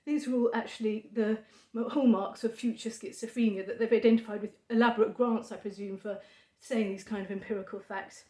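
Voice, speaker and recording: A woman talking to camera in a halting monologue of dry sarcasm, full of fillers. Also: a little high, steady tone, mellow. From United Kingdom. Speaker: vlogger. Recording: echoey room.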